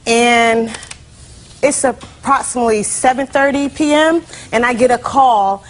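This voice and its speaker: A young woman with a somewhat high voice testifies as a plaintiff in a TV courtroom. She tells her story chattily, full of "like" and "you know", over faint background hiss. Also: a little slow.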